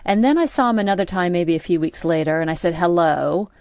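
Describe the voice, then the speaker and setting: A woman's voice: lowish voice, animated, brisk, a little mellow, dry recording, clean studio sound. A middle-aged woman, co-hosting a radio show in casual chat, telling a rambling story with many restarts. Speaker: radio co-host. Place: radio studio.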